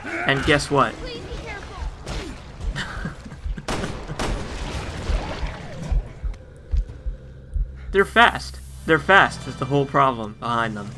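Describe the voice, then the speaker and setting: A man's voice: medium pitch, lively intonation, moderate pace, noisy background. A man giving casual let's play game commentary with wry, joking asides.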